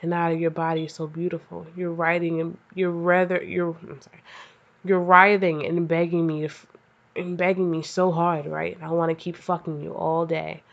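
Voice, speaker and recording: A woman voicing an adult male ninja husband who is teasing and domineering, speaking low and hushed in a slightly dull lo-fi recording. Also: level tone, moderate pace, vocal fry. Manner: low, hushed, growled delivery.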